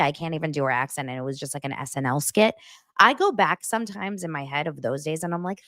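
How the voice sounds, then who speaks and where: A young adult woman hosts a casual celebrity gossip show, chatty and animated as she jumps between stories with quick asides. Her voice is deep, and the studio-quality recording has no room sound.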